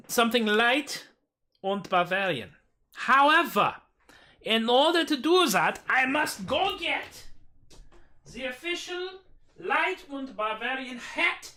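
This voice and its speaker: A man hosting a live music stream, bantering goofily and theatrically between comic songs. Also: pushed and bright. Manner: goofy, theatrical, jumps in pitch. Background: acoustic guitar.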